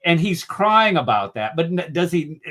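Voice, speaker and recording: A man's voice: fairly high pitch, big pitch swings, normal speed, pushed and bright. A man in a heated political discussion, indignant and mocking, often restarting his sentences. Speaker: discussion group co-host.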